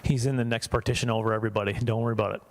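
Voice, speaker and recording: A man's voice: mid-range voice, little pitch movement, rapid-fire, slight background noise. A man from Canada performing a stand-up comedy set in a church hall for a small audience, chatty and self-mocking, slipping into voices for characters.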